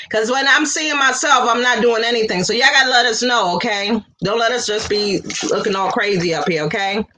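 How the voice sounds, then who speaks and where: A woman's voice: mid-range voice, sharp tone, poor audio. A woman co-hosting a casual religious talk show over a video call, chatty and laughing often. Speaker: co-host.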